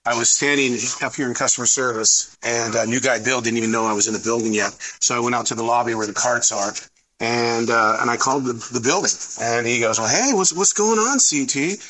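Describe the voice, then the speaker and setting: A man's voice: medium pitch, level tone, quick pace, bright, forceful tone. Chatty storytelling man vlogger. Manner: chatty, storytelling, laughs easily. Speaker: podcast host and customer service manager. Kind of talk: casual vlog chat.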